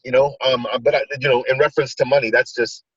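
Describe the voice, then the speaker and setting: A man's voice: mid-range voice, steady tone, fast talker, breathy edge, dry recording, distant mic. A middle-aged man in a casual motivational chat who rambles, restarts and fills with "you know". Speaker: discussion participant. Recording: dull lo-fi video call audio.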